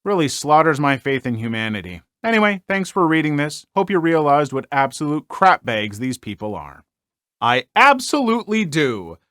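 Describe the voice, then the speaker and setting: A man hosting a story channel, reading online stories aloud and commenting on them in an animated, exclaiming way with frequent filler words. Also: a little high, normal speed, few pauses, clean tone, no room sound, clean studio sound.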